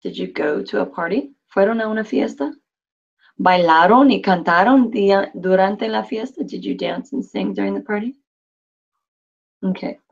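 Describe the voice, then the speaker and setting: A woman teaching a Spanish class, reading phrases slowly and translating them with patient explanations. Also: medium pitch, gravelly. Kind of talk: classroom instruction. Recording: dull lo-fi classroom recording.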